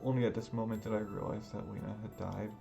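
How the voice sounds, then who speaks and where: A man's voice: lowish voice, steady tone, fast talker, gravelly. A man reading a visual novel aloud in a dramatic, emotional first-person narration over background music. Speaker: gaming video creator. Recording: music playing underneath.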